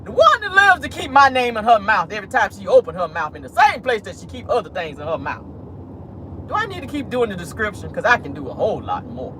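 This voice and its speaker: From a parked car, a woman hosts a sassy, petty YouTube commentary vlog, talking straight to viewers and calling them "honey" and "y'all." Her mid-range, fairly bright voice is fast with big pitch swings, and slight background noise is audible.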